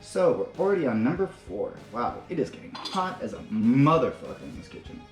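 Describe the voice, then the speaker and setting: A man's voice: mid-range voice, big pitch swings, fairly quick. A man hosting a casual home cooking demonstration, talking crudely with joking, rambling asides. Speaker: cooking show host. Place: home kitchen. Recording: echoey kitchen with faint music.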